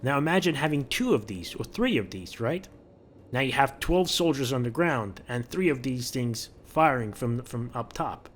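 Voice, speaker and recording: A man's voice: mid-range voice, expressive, normal speed, slight background noise. Chatty man narrating gameplay. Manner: chatty, repeats words while thinking aloud. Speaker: gaming video creator. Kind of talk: casual gameplay commentary.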